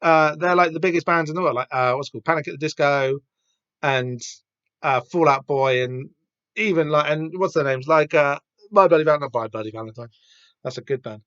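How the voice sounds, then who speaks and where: A man's voice: fairly high pitch, a little fast, fairly bright tone, no echo. A man talking casually as a podcast host, rambling with lots of fillers and restarts. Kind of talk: casual comic-book reading chat. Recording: dull dry lo-fi home mic.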